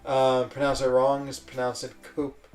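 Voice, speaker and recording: A man's voice: mid-range voice, monotone, brisk, a little mellow, distant mic, faint music behind. A man casually chatting on a live stream, reading out and answering chat messages in a rambling way. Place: lives in a village in Switzerland.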